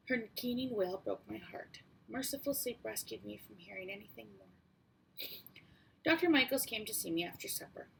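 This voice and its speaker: A woman narrating a first-person audiobook in a steady, measured way. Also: a little high, gravelly, slight background noise, low-quality recording. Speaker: audiobook reader.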